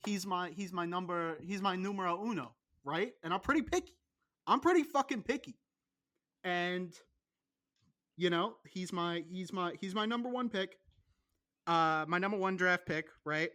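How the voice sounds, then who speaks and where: Young male podcast host with a high, sharp voice. Excitable and profane. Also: moderate pace. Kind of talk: casual podcast banter.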